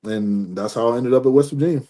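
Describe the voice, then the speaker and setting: A man in his forties, a former football player, telling a long story in a relaxed interview, restarting sentences often. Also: mid-range voice, fast. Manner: animated storyteller, acts out dialogue, restarts often.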